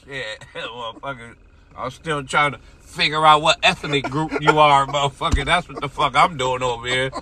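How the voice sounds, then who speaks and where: A man co-hosting a live stream, roasting his nephew in loud, profane banter with bursts of laughter. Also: mid-range voice, moderate pace. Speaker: co-host, the uncle. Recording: noisy live-stream audio.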